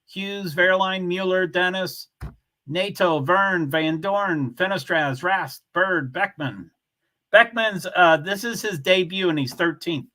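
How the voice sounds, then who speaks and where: A man's voice: high voice, pushed and bright. A man hosting a casual livestream, chatting with viewers and reading their comments aloud in a blunt, offhand way. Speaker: livestream host.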